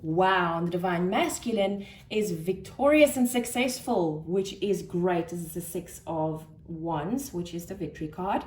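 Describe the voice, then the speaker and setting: A woman giving a spiritual tarot card reading, soft-spoken and thinking aloud with gentle pauses. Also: lowish voice. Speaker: tarot reader. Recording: roomy echo with faint noise.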